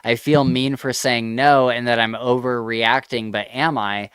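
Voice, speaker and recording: A man co-hosting a casual podcast chat, reacting with quick comments and reading out online posts. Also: mid-range voice, steady tone, fairly bright tone, smooth, no room sound. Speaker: podcast co-host.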